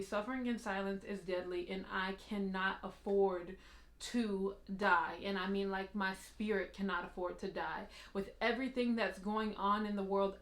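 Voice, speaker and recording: A woman's voice: medium pitch, fairly bright tone. A woman from the United States hosting a confessional vlog, talking candidly and laughing through tired, tearful admissions. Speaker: vlog host. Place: her apartment. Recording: roomy apartment echo.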